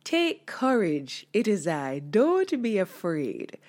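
A woman voicing a calm male teacher who gently reassures frightened men. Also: mid-range voice, slow. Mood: reassuring.

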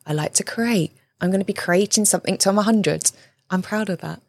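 A woman in her thirties with a British accent, speaking as an interview guest. She talks earnestly, leans on repeated phrases and tag questions, and her pitch sits in a middle range. The sound is dry and close, with no room echo. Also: fairly quick, gravelly, a little mellow, slightly rough. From Britain. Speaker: guest, relationship coach. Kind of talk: conversational interview.

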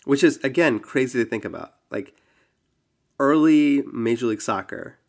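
A man's voice: medium pitch, animated, normal speed, creaky. A man casually telling a long story on a podcast, with frequent ums and likes. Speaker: podcast host.

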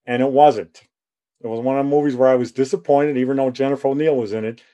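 A man's voice: mid-range voice, steady tone, fast talker, warm tone. A man in his sixties telling a rambling personal story, acting out the dialogue as he goes.

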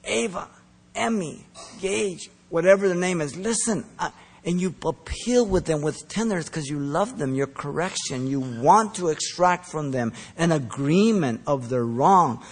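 A man preaching a sermon, earnest and emphatic, pressing his points hard and then dropping soft. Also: on the high side, lively intonation, normal speed, breathy edge. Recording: long reverb of a large hall.

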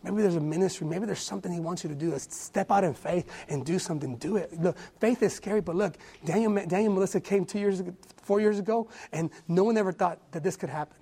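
Young male preacher, husky, earnest testimony with stammered restarts. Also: high-pitched, quick pace, few pauses, warm tone. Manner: earnest, repeats words often, stammering restarts. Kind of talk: sermon testimony.

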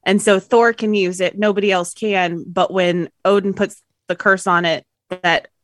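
A woman's voice: mid-range voice, fairly even intonation, measured pace, no echo, clean studio sound. A woman co-hosting a podcast in casual chat, chatty and given to giggles. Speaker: podcast co-host.

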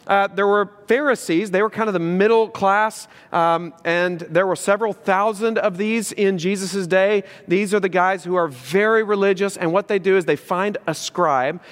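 Animated pastor preaching in a reverberant church. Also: male voice. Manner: animated, rhetorical questions, swings from excited to low and earnest. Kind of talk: sermon. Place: church sanctuary. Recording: long hall reverb in a church.

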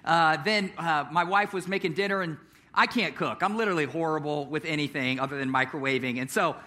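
Young guy pastor preaching, high voice, chatty with lots of ums and laughs. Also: a little fast, pushed and bright. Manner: casual, conversational storytelling with frequent fillers and chuckles. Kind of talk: sermon with prayer and personal story. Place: church service.

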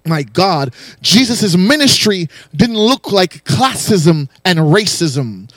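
Male pastor, high voice, dry close sound, rhythmic call-and-response preaching. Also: sing-song, slow, a bit bright, no room sound. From raised in a West Indian home. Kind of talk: sermon.

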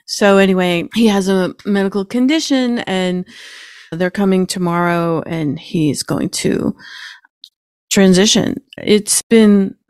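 A middle-aged woman hosting a podcast, speaking gently and with feeling, holding back tears at times. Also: medium pitch, slow pace, clean tone, dry recording, clean studio sound. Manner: gentle and emotional, keeps herself from crying. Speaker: podcast host. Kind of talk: casual spiritual podcast talk.

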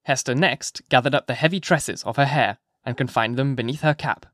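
A man narrates a classic novel in a measured, expressive way. His voice sits at a middle pitch. The recording is close and dry, with no room sound. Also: no room sound. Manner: measured, expressive literary reading. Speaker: audiobook narrator.

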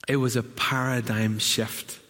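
A man from Northern Ireland with a Northern Irish accent preaching a sermon in a church, lively and humorous, with asides to the congregation. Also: mid-range voice, a little slow. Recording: long church hall reverb.

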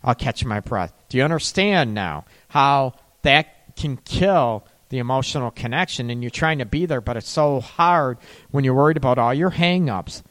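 A man's voice: medium pitch, lively intonation, moderate pace, a bit bright. A middle-aged man giving casual, rambling relationship and sex advice, now and then acting out worried voices.

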